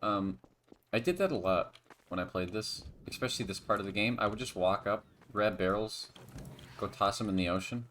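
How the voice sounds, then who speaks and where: Give me a low-voiced man chatting over a game stream, talking in loose, rambling stretches full of restarts. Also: lively intonation, moderate pace, a bit bright, a little hiss or hum. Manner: rambling, with many restarts and sudden bursts. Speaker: stream co-commentator. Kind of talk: casual gaming chat.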